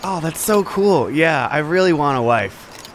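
A man's voice: a little high, animated, a little slow, background noise. Guy playing a nervous regular new york dude, stammers a lot, kinda awkward. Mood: sheepish. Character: nervous ordinary male New Yorker. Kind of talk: comedy sketch.

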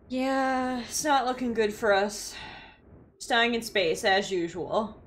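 A woman streaming a game and talking through it live, excitable, shrieking, laughing and swearing when things go wrong, and reading the on-screen text aloud. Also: medium pitch, slow pace, long pauses, a little hiss or hum. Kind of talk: live gameplay commentary.

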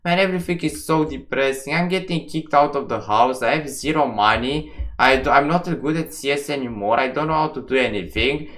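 A man's voice: medium pitch, fairly quick, hardly any pauses, fairly bright tone. A man streaming his gambling live, ranting and swearing in exasperation as he plays.

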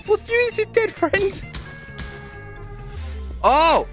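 High, lively British man, rowdy banter. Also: very slow, faint music behind. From Britain. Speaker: gaming YouTuber. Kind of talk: playing a VR shooter with others.

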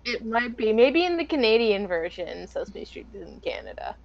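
A woman joining a casual gaming chat with friends, playful and loud. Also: a little high, very animated, moderate pace, gravelly, lo-fi sound.

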